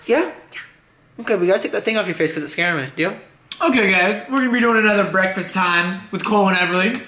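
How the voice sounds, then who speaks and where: A man's voice: sits high, lively intonation, quick pace, bright, forceful tone, a little hiss or hum. A young man from Alabama, a family vlogger, talking casually and playfully with lots of fillers. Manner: chatty, filler-heavy, playful. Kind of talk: casual vlog talk. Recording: echoey room with faint music.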